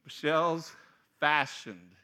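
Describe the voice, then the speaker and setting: A middle-aged man preaching a sermon, joking and acting out scenes, sometimes breaking into loud shouts. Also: fairly high pitch, slow. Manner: animated, joking, acts out voices with loud shouts. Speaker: pastor.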